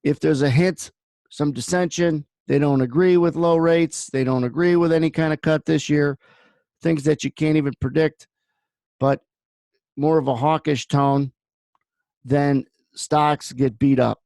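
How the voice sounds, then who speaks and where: A man's voice: on the high side, steady tone, unhurried, a little mellow, no room sound. A man hosting a trading room, giving blunt market commentary that wanders into personal stories. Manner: blunt, rambling storyteller.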